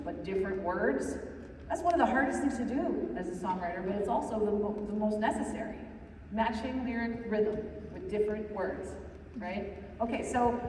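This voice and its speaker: A woman's voice: fairly high pitch, darkish tone, a little hiss or hum. A songwriting teacher, a woman, walks her class through each step and keeps checking that they follow. Her voice reaches the mic from a distance. It carries a long, roomy reverb. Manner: explains step by step, often checks with "right?"; sings short example phrases. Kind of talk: workshop lecture. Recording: echoey room from a distance.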